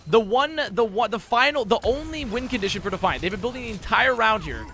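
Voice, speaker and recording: A young man giving a casual esports match breakdown, talking fast and excitably, with frequent swearing and restarts. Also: high-pitched. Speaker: esports analyst.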